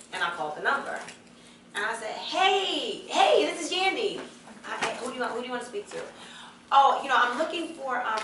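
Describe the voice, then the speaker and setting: A young woman on a panel, telling an animated story in which she acts out other people's voices and laughs often. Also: fairly low pitch, background noise. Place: hotel event hall. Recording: echoey event room, mic picked up from a distance.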